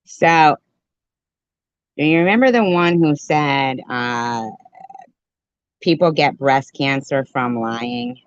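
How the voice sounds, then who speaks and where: Sarcastic woman ranting about clips, slow, dull lo-fi audio. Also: sits low, sing-song, clear, resonant tone, dry recording. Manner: scornful, swearing, sarcastic. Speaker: commentary channel host. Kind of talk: angry commentary on played clips. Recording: dull lo-fi dry recording.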